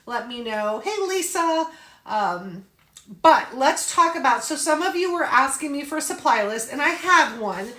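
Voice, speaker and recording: A woman's voice: high voice, animated, unhurried, sharp tone, echoey room. A chatty, upbeat woman hosting a live craft tutorial and greeting viewers by name. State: out of breath. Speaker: craft class host.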